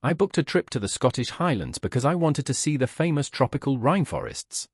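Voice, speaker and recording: A man's voice: mid-range voice, sing-song, a little fast, breathy edge, no room sound, studio quality. A man voicing a furious, insistent female tourist who huffs her arguments. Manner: huffing, insistent.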